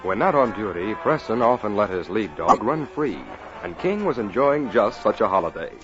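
A man's voice: on the low side, big pitch swings. Dramatic radio narrator, man. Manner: measured, dramatic. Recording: dull old radio broadcast with music.

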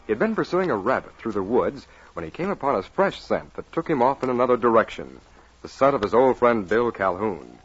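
A man's voice: medium pitch, very animated, husky. Dramatic radio narrator, man. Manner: measured, dramatic. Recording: dull old radio broadcast with music.

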